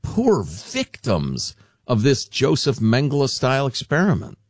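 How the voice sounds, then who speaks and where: A male talk radio host with a sardonic, mocking edge and a lively, swooping delivery. His voice sits in the middle of the range. The studio sound is dry and close. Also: medium pitch, unhurried, no echo. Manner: animated, sardonic, deadpan mockery.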